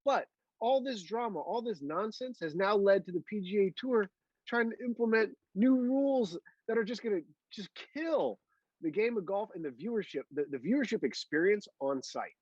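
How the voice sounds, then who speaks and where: A man's voice: high-pitched, expressive, normal speed, a little mellow, breathy edge, no room sound, highs cut off. A man co-hosting a casual golf podcast, talking bluntly and emphatically. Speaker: podcast co-host.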